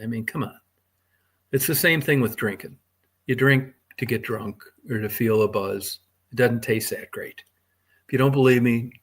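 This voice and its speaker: A man's voice: mid-range voice, a bit bright. A middle-aged man hosting a casual livestream, rambling crudely with lots of swearing and talking to chat viewers by name. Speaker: livestream host.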